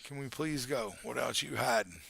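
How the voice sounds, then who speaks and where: A man's voice: medium pitch, moderate pace, creaky, sharp tone, husky. A man in his forties chatting casually on a live stream through a headset, rambling and joking. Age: 40s. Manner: rambling and joking, with baby talk to his dog.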